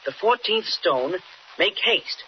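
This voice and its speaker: An actor playing an eager, excitable teenage boy reporter in a 1940s radio drama. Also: high-pitched, takes it slowly. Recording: dull old radio recording with faint hiss.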